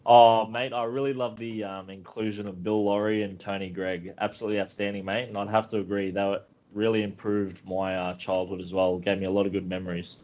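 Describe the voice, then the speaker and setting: A man co-hosting a casual podcast, giving mock praise in a deadpan way. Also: lowish voice, brisk, hardly any pauses. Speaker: podcast co-host. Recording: dull lo-fi podcast audio.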